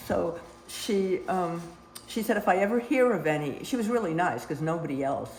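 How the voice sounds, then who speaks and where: Older woman, lowish voice, chatty rambling storyteller, roomy echoey sound. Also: expressive, normal speed, darkish tone, slight background noise. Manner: rambling, full of "you know" asides. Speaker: storyteller guest. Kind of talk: casual storytelling. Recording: roomy echo.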